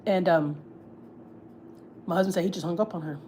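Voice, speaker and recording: A woman family vlogger gossips on a livestream in a blunt, heated, profane way, casually storytelling. Her voice is on the low side and dark in tone, at a moderate pace, with slight background noise.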